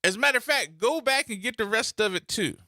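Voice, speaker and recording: A man's voice: very high-pitched, lively intonation, fast talker, pushed and bright, no echo, studio quality. A man, hosting a talk radio show with playful, theatrical commentary and mocking put-on voices. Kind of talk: animated commentary with mock skits.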